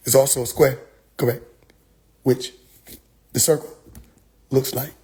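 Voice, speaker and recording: A man's voice: medium pitch, darkish tone, slightly rough, voice pushed down. A man putting on the voice of an evasive male street book seller who rambles in circles, asking "correct?" after each point. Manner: circular pseudo-mystic rambling, keeps asking "correct?".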